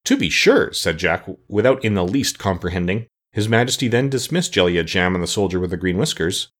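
A man narrating a storybook as an audiobook, reading in a lively, expressive way. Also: low-pitched, brisk.

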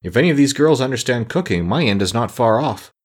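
A man's voice: medium pitch, lively intonation, fast talker, a little mellow, breathy edge, pitched above the performer's own voice. A man voicing a gloomy, anxious pumpkin-headed creature in a storybook reading, with a plaintive manner. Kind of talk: audiobook character reading.

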